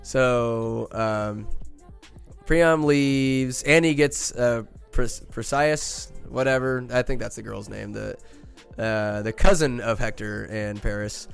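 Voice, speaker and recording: A man's voice: mid-range voice, takes it slowly, vocal fry, smooth. Young male podcast host with casual slang, retelling a movie with lots of energy over faint music. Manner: animated, slangy, acts out quotes.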